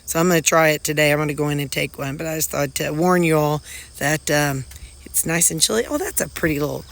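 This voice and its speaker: A woman's voice: deep voice, fast talker, creaky. A woman chatting casually in a folksy, rambling way, with a stuffy, runny nose. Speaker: weight-loss vlogger. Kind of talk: casual chat. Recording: echoey room, faint noise.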